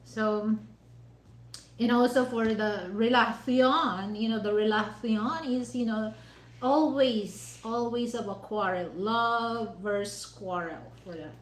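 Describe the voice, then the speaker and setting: A woman's voice: fairly high pitch, slow pace, reverberant, poor audio. A woman vlogger chatting casually over dinner, rambling and leaning on "you know" fillers with non-native phrasing.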